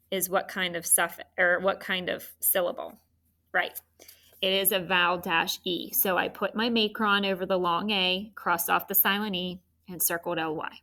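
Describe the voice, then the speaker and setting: A woman's voice: lowish voice, bright, forceful tone. A woman teaching a children's phonics lesson, spelling out letters and encouraging the students.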